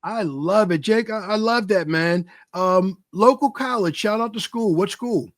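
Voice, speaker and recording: A man's voice: high voice, measured pace, no room sound, clean studio sound. A man hosting a podcast with an enthusiastic, hype-style delivery. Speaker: podcast host.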